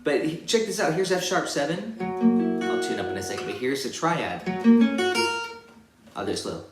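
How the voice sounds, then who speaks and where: A man giving a casual guitar lesson, counting beats and singing rhythms as syllables in a relaxed, rambling way. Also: a little high, moderate pace. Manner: sings rhythms as syllables while demonstrating on guitar; relaxed, rambling explanations with restarts. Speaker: guitar teacher. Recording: roomy room with loud guitar playing.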